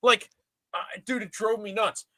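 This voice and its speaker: A man's voice: high voice, fairly even intonation, moderate pace, bright, forceful tone, no echo, rough recording. A man hosting a casual sports podcast, ranting animatedly with exasperation. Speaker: podcast host.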